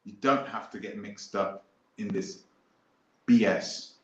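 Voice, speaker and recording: A man's voice: on the low side, slow, fairly bright tone, reverberant, dull audio. A man hosting a live stream, talking casually and emphatically, repeating his points as he goes off on tangents. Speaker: host.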